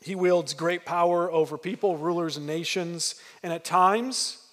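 A man's voice: high-pitched, a little slow, fairly bright tone, big-room sound. A man preaching a sermon as pastor, telling a story with emphasis and frequent restarts.

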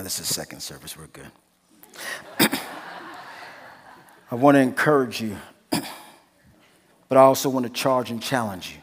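Preaching pastor in a reverberant sanctuary. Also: male voice, fairly low pitch, slightly rough. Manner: swings from hushed, slow pleading to loud, rising exhortation. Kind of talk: sermon. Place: church sanctuary. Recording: long church reverb.

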